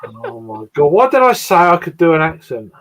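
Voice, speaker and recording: A man's voice: on the high side, very animated, normal speed, a bit bright. A British man in casual livestream banter, self-deprecating and stammering, swearing now and then, heard over a video call. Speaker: guest on a livestream.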